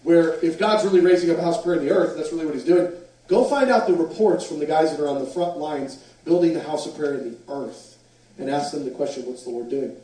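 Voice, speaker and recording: Male preacher, high-ish voice, animated storyteller, distant echoey hall sound. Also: quick pace. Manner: animated storyteller, acts out quotes. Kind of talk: sermon storytelling.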